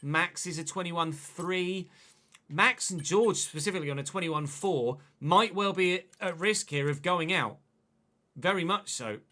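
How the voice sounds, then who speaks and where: A man's voice: high voice, measured pace, pushed and bright. Chatty English man streaming a game. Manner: chatty, thinking aloud, conversational. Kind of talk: live gameplay commentary and chat.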